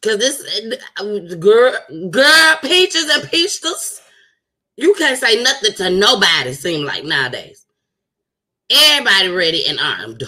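A woman podcast host giving casual, slangy commentary to her live viewers, animated and preachy. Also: medium pitch, moderate pace, low-quality recording.

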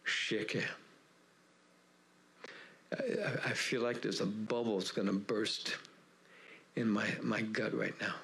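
Man, prophetic preaching, first-person words from God, halting repeated words, forceful delivery. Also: on the low side, fairly even intonation, vocal fry. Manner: speaks as God in the first person, phrase by phrase with pauses; breaks into speaking in tongues.

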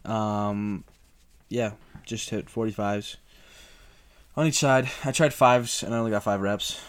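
A young man co-hosting a podcast, calmly recounting his workout in casual chat. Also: on the low side, measured pace, smooth. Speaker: podcast co-host.

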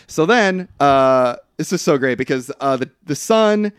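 A man's voice: a little high, expressive, unhurried, clean tone, no room sound, studio quality. A man casually retelling a film's plot on a podcast, rambling with fillers and quoting the characters. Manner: rambling, laughs often, quotes characters. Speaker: podcast co-host. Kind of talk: casual movie recap chat.

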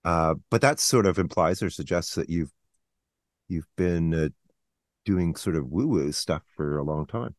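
Deep-voiced guy hosting, halting questions full of "uh", dry close sound. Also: no room sound. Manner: halting, with many "uh"s. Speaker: podcast host. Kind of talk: interview questions.

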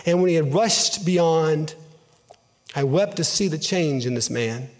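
Man reading a story aloud with feeling, kinda high voice, long echo like a big hall. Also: expressive, darkish tone. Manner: earnest, emotive, measured.

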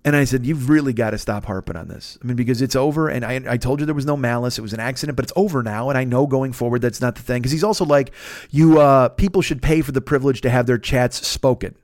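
Fast-talking profane man telling a story. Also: mid-range voice, no echo, studio quality. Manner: profane, rambling, animated storytelling. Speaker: podcast host. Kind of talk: casual storytelling monologue.

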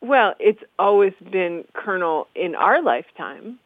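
A woman's voice: medium pitch, sing-song, measured pace, no echo. A woman historian of the language explaining usage in conversation, articulate and amused, lecturing in an easy way. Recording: tinny phone-like dry sound.

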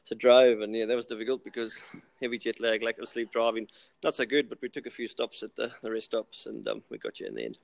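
A man co-hosting a casual podcast chat, relaxed and jet-lagged, laughing easily. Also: fairly low pitch, quick pace, vocal fry. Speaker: podcast co-host. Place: hotel area on a trip.

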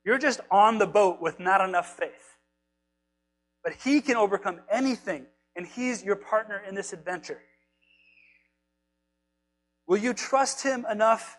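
High-voiced animated preacher man. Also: rough recording. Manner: animated storytelling, acting out quotes, conversational. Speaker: pastor. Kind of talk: sermon.

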